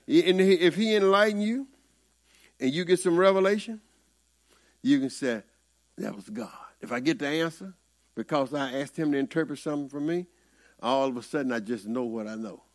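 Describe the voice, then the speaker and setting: A man's voice: mid-range voice, moderate pace. A man with a Southern US accent, preaching a conversational sermon in a folksy, rising-and-falling way.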